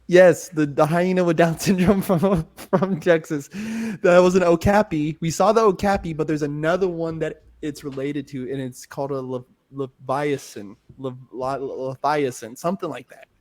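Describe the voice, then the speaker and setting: Young male co-host, slightly high voice, rambly and giggly, loses his thread. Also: fairly even intonation, normal speed, few pauses, darkish tone. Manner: rambling, laughs often, trails off mid-sentence. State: has hiccups. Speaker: podcast co-host. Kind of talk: casual chat.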